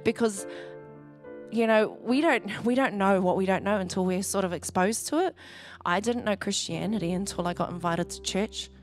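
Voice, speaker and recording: Faint music plays behind a woman pastor whose medium-pitched voice moves at a moderate pace. Giving a conversational sermon in a church hall, she chats freely, laughs a lot, and acts out other people's words.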